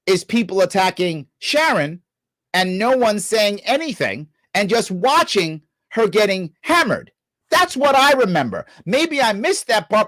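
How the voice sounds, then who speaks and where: Animated, scolding man ranting on a stream. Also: high voice, no echo. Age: middle-aged. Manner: animated, scolding, sarcastic, swearing. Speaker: show host reacting to a clip. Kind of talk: heated live-stream commentary.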